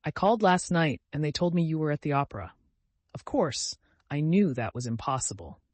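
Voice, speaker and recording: A man's voice: on the high side, very animated, fairly quick, dry recording. Man reading as a grave, anxious older painter. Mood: worried. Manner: earnest, pleading.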